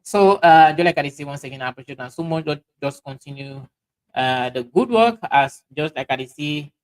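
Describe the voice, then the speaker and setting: A man with a Sierra Leonean Krio accent hosting a livestream, reading out viewer comments in halting speech full of fillers and restarts. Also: on the high side, low-quality recording. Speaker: livestream host.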